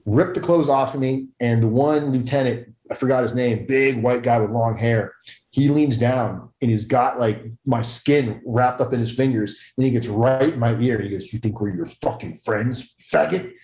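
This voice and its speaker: In a roomy, echoing recording, a young adult podcast guest casually tells a story, cursing a lot and performing other people's voices. He speaks at a moderate pace in a mellow, mid-range voice.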